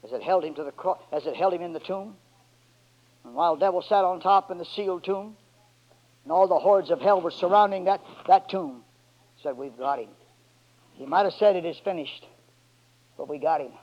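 High-voiced preacher swinging to shouts. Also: male voice. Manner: swings from low and quiet to loud shouted climaxes; drawn-out emphatic words in call and response. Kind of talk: sermon. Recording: dull lo-fi church recording.

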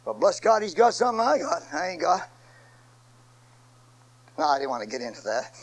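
A man preaching a sermon, swinging from quiet asides to shouted, repeated phrases. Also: fairly high pitch, sing-song, normal speed, low-quality recording.

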